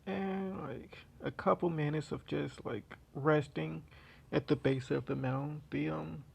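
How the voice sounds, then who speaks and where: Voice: medium pitch, fairly even intonation, measured pace, vocal fry, breathy edge. A storyteller casually retelling a fan story, rambling with many fillers and restarts.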